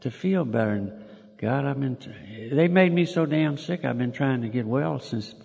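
A man's voice: medium pitch, lively intonation, moderate pace, gravelly, darkish tone. An older man, telling his own story to a group in a folksy, plainspoken way with mild cursing. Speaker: speaker sharing his story. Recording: echoey hall, audience laughter far off.

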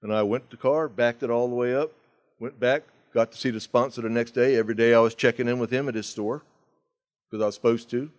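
A middle-aged man speaking at a recovery meeting, telling a personal story with wide swings from loud outbursts to hushed asides. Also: mid-range voice, steady tone, fast talker. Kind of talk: storytelling talk.

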